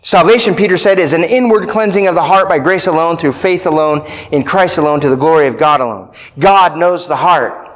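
A pastor preaching a sermon, emphatic, repeating key phrases and checking in with "right?". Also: male voice, fairly high pitch, fairly quick, few pauses, a bit bright.

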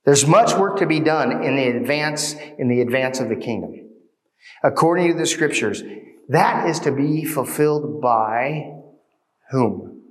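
A man's voice: medium pitch, a little slow. A man preaching as pastor, exhorting his listeners earnestly with rhetorical questions. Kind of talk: sermon.

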